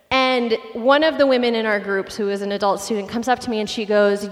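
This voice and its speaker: A woman pastor in her late twenties, preaching a sermon with animated, self-deprecating personal stories. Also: on the high side, a little fast, few pauses, long reverb tail.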